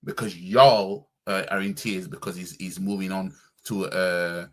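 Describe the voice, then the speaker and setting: A man's voice: low-pitched, steady tone, unhurried, over a noisy crowd. A man reacting casually on a stream as a football fan, with a slangy, stumbling way of talking.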